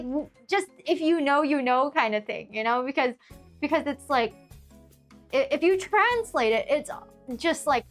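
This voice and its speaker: Giggly high-voiced young woman streamer. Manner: giggly, rambling, with many fillers and restarts. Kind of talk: casual chat with viewers. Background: faint music.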